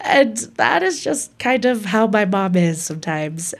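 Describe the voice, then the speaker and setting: A woman's voice: medium pitch, animated, extremely slow. A young woman from Hawaii telling a candid personal story, laughing often and acting out what others said. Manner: candid, laughs often, quotes people with voices.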